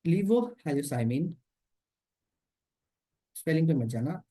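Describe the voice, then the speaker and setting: A woman's voice: fairly low pitch, dark tone. A woman with an Indian accent teaching an exam-prep lecture, switching between English and Hindi and repeating key points. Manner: repeats key points, explains while drawing structures.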